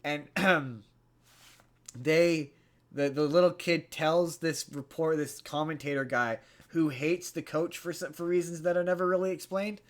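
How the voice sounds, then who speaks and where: A man's voice: a little high, fairly even intonation, unhurried. A man hosting a podcast, casually retelling a movie plot in a rambling way, with lots of restarts. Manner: rambling, many restarts, puts on character voices in retellings. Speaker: podcast host.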